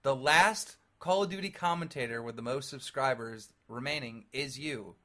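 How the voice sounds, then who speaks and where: A man's voice: mid-range voice, moderate pace. A man co-hosting a casual podcast chat, talking bluntly with lots of swearing. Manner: profane, blunt, animated storytelling. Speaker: podcast co-host.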